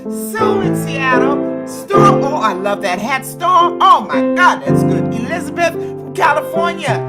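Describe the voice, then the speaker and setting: Lively woman hosting a sing-along. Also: high voice. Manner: exuberant, warm greetings with whoops. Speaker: host of an online sing-along. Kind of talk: welcoming roll call on a video call. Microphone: video call.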